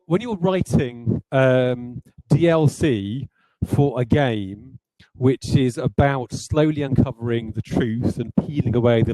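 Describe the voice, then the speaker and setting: A man's voice: mid-range voice, mellow, no echo, rough recording. A man, a game designer, talking through design ideas in a rambling, self-deprecating way with many hesitations. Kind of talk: livestreamed design talk.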